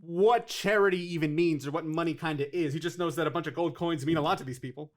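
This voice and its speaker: Cohost guy, fast and kinda high, sarcastic, swears a lot while recapping a movie. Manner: exasperated, sarcastic, swears freely. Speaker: podcast co-host. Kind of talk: casual movie review chat.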